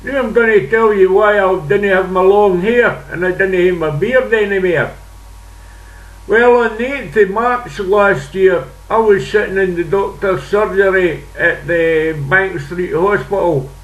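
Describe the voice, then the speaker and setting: An older Scottish man rambles through a story in a fairly high voice, speaking slowly and unhurriedly. His voice sounds roomy and a little distant from the mic. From Scotland. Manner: rambling, chatty, with dialect words. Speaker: vlogger. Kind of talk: casual storytelling monologue. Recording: echoey room, distant mic.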